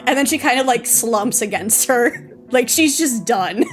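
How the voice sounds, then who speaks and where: High-voiced playful woman player. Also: animated, a little slow. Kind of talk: tabletop game play, casual.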